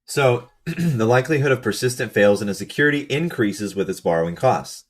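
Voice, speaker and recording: A man with a hoarse, fading voice walks methodically through slides of a research paper, reading out lists and figures with brief asides. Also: mid-range voice, lively intonation, fairly quick. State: hoarse, losing his voice. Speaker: channel host explaining research.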